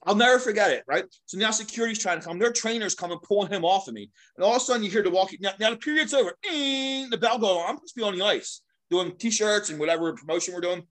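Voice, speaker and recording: Middle-aged man, podcast guest, fast and animated storyteller with a slightly high voice. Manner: animated, laughs often, acts out quotes. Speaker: guest, veteran sports mascot. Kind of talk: casual storytelling.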